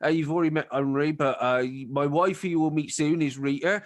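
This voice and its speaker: A man's voice: a little high, steady tone, fairly quick, lightly acted. A man voicing a middle-aged farmer who fusses over his guests, talking hesitantly with lots of fillers. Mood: flustered. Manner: hesitant, stumbling with many fillers. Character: middle-aged male farmer, flustered, fussy host.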